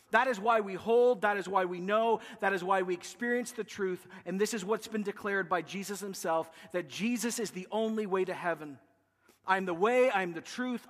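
A man preaches to his congregation, his voice sitting high as he stacks phrases into emphatic rhythmic lists. He breaks off for quick asides before driving on. The sound trails off in the long reverb of a large hall. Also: fairly bright tone. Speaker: pastor. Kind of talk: sermon.

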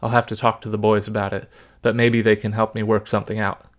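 A man's voice: on the low side, little pitch movement, fast talker, natural voice. A man doing a paranoid anti-communist dad. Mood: fervent. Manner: fervent, conspiratorial, emphatic.

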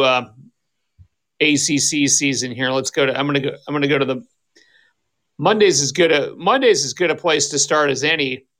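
A man's voice: mid-range voice, fairly bright tone. A man co-hosting a sports podcast, talking in a rambling, casual way with many restarts and self-corrections. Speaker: podcast co-host.

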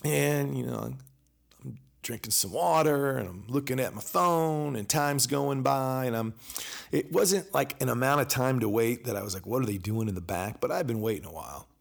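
A man hosting a podcast, telling a personal story in a casual, animated way and acting out both sides of the exchanges. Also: mid-range voice, normal speed, vocal fry. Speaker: podcast host.

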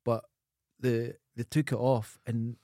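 A middle-aged man with a Scottish accent, co-hosting a podcast and telling animated stories, acting out voices and swearing freely. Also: medium pitch, takes it slowly, dry recording, clean studio sound. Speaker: podcast co-host. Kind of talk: casual chat.

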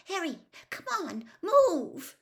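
A woman's voice: very high-pitched, huge pitch swings, takes it slowly, pitched above the performer's own voice, heavily acted. A woman voicing a frightened teenage girl who urges her friend on. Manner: urgent, pleading.

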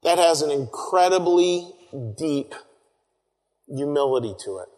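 A man preaching a sermon, earnest, repeating phrases and dropping to soft, quiet lines. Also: fairly high pitch, animated. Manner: earnest, pauses and repeats phrases, drops to soft near-whispers. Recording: long reverb.

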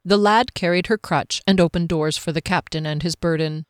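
A woman narrating a fantasy novel in a measured, expressive storytelling voice on a close mic. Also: fairly low pitch, no room sound. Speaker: audiobook narrator.

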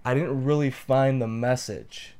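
A man's voice: mid-range voice, steady tone, unhurried, warm tone, smooth. Earnest, heartfelt male storyteller. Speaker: podcast co-host.

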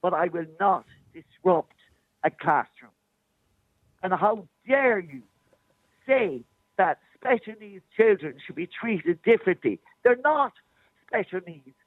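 A woman's voice: fairly low pitch, expressive, measured pace, breathy edge, no echo. A woman calling in to a radio show, a special needs assistant speaking passionately and insistently. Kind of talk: phoned-in radio debate. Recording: tinny phone line.

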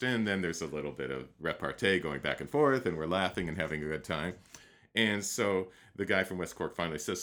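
A man with a very low voice recounts a story in an easy, unhurried way. He speaks conversationally, pausing on fillers and restarting phrases as he goes. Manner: relaxed, anecdotal, with um fillers and restarts. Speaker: guest teacher.

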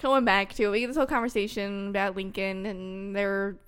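A woman's voice: medium pitch, flat delivery, fairly quick, fairly bright tone, a little hiss or hum. A woman co-hosting a casual podcast, recapping episodes in an enthusiastic, friendly and chatty way. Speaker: podcast co-host. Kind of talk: casual chat.

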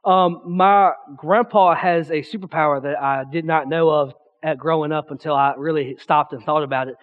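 A young man giving a youth pastor's sermon in a church, a loud, excitable talker who rambles with restarts and acts out the voices in his stories. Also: fairly high pitch, moderate pace, phone-quality sound. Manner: chatty storytelling with restarts, acting out quotes. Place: church sanctuary.

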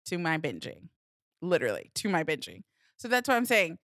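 Woman, candid podcast guest, animated, laughs often, dry close-miked studio sound. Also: low voice, a little fast, no room sound. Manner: animated, laughs often, acts out her inner voice. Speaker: guest sharing personal story. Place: studio, seated at a mic. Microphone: close studio mic.

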